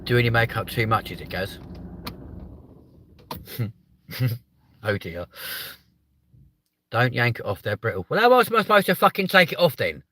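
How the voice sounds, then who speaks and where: A young man hosting a live comedy stream from a car, sweary and mocking, jumping from loud outbursts to muttered asides. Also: mid-range voice, very animated, normal speed, long pauses, noisy background. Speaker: host of a live stream show. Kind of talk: crude comedic live chat.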